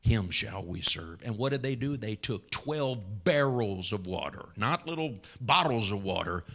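Bright, fervent preaching man. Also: mid-range voice. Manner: fervent preaching, frequent hallelujahs and laughs. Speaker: pastor. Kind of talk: sermon. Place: church.

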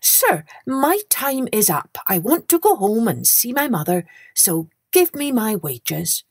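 A woman's voice: on the high side, sing-song, measured pace, breathy edge, no room sound, studio quality, exaggerated voice. A woman voicing an earnest young servant lad in a children's storybook tale.

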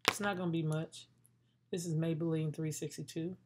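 A woman's voice: deep voice, flat delivery, normal speed, noisy background. A woman vlogging her makeup routine in a playful, chatty way, talking straight to her viewers. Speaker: beauty vlogger. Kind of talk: casual makeup tutorial chat.

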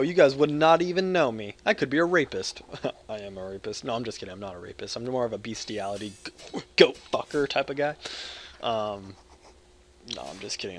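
Loud rambling crude young man. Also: fairly low pitch, animated, a little fast, slight background noise. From United States. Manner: loud, jokey, crude, swings between yelling and mumbling. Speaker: gaming video creator. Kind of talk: rambling live gameplay commentary.

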